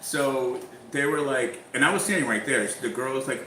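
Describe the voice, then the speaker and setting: A man's voice: medium pitch, fairly quick, hardly any pauses. A man chatting casually and telling a story, acting out the back-and-forth with a lot of energy. His voice sits in a middle register. The room is echoey, with a faint hum of ambience. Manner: animated storyteller, acts out exchanges. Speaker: YouTuber guest.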